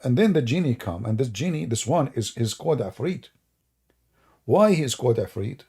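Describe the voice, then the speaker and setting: Mocking man with a gravelly voice. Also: mid-range voice, lively intonation, moderate pace, mellow. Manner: sarcastic, mocking, rhetorical questions, chuckles. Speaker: online religious debate host. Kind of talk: mocking livestream commentary.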